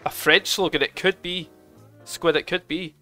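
A young man streaming a game show video game, chatting with his viewers, excitable and swearing a lot. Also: on the high side, moderate pace. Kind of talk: casual live gaming commentary. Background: game music.

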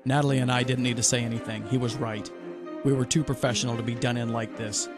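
A man podcast host narrating a first-person adventure story in a steady way, with music playing underneath. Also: medium pitch, fast talker.

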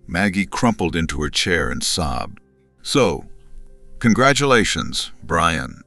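Deep-voiced man telling a story. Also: sing-song, slow, gravelly, bright, forceful tone, no echo, faint music behind. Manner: cold, sarcastic. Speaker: narrator. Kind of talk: first-person story narration.

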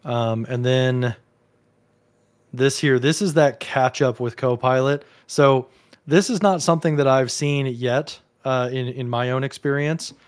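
A man's voice: medium pitch, measured pace, smooth. A man co-hosting a casual tech discussion, thinking aloud with hedges and restarts. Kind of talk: casual explanatory chat.

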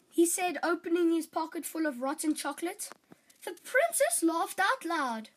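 A woman tells a children's fairytale with animated, expressive storytelling. Her voice sits very high and swoops lively through each sentence. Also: unhurried, rough recording.

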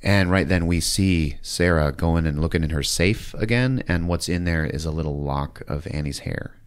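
Deep-voiced male podcast host, profane and animated, for a casual movie recap. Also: moderate pace, smooth. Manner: profane, laughing, animated retelling.

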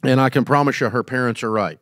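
A man's voice: medium pitch, fast, a bit bright, dry recording, studio quality. A middle-aged man, hosting and giving business advice in a casual, folksy, emphatic way. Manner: folksy, emphatic, acts out quoted scenes.

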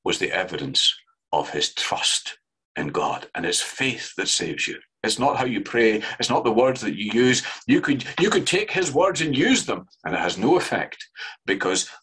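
A man preaches in a husky, slightly breathy voice. He is earnest and fervent, pushing his pitch up for emphasis and then sinking into slow, quiet, solemn lines. His pitch sits in a middle register for a man. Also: big pitch swings, low-quality recording. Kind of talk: sermon.

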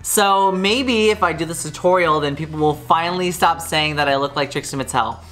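A man's voice: a little high, moderate pace, a bit bright. A man in drag hosting a comedic makeup tutorial, campy, playful and self-mocking. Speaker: drag queen host.

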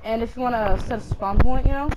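Bossy woman gamer over loud noise. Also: on the high side, fast talker. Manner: bossy, giggly, swears. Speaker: player setting dares. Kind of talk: casual gaming chat.

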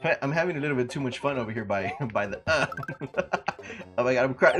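A young man streaming a retro game, chatting casually, swearing a lot and breaking into loud outbursts, saying he is sleepy. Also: medium pitch, animated, quick pace, soft background music. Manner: profane, rowdy, loud outbursts and laughing.

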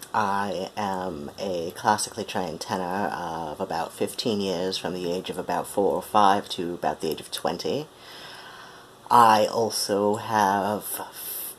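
A man's voice: sits low, a little hiss or hum. A young man from Ohio who speaks with a transatlantic accent, introducing himself as a musician in a hesitant, tired vlog with lots of ums. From Ohio, USA. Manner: hesitant, full of ums and pauses.

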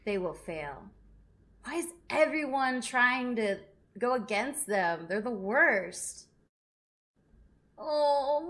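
A woman's voice: a little high, expressive, slow pace, long pauses, a bit bright. A woman hosting an anime reaction video, talking casually, gushing and laughing often as she reacts. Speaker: anime reaction channel host.

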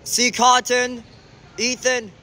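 A man giving excited sideline commentary on an amateur indoor soccer game, shouting and groaning at the plays and calling out to the referee. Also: very high voice, takes it slowly, slight background noise.

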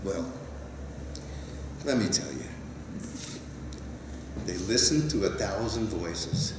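Older male storyteller, 60s, lively rhyming read-aloud, unhurried; echoey hall, mic far off. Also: sits low, noisy background. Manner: rhythmic, lively rhyming delivery. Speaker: author reading his picture book. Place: conference hall. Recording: roomy hall, mic at a distance.

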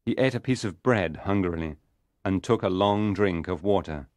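Deep-voiced male audiobook narrator. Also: normal speed, no room sound, clean studio sound.

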